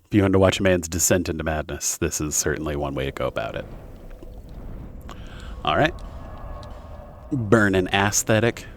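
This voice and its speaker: A man's voice: low-pitched, slight background noise. A young man streaming a video game, rambling casually with lots of fillers and self-corrections. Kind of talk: casual gameplay commentary.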